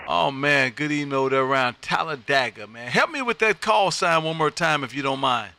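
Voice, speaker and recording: A man from Texas, making ham radio contacts on a live stream from his radio room, loud, upbeat and quick to laugh. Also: a little high, animated, creaky. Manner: loud, upbeat, laughs often, friendly drawl.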